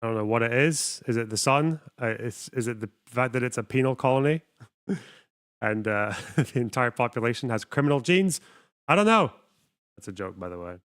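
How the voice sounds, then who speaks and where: A man's voice: mid-range voice, a little fast, clean tone, no echo, studio quality. A man hosting a livestream, giving casual, sardonic reaction commentary and swearing freely. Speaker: livestream host.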